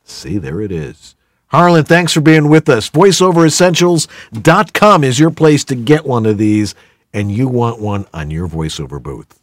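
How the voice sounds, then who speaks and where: A man hosting a podcast with playful, jokey energy. His pitch swings widely as he talks. The sound is dry and close. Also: normal speed, dry recording. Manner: jokey, animated, playful asides. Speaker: podcast host. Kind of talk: podcast hosting, product plug.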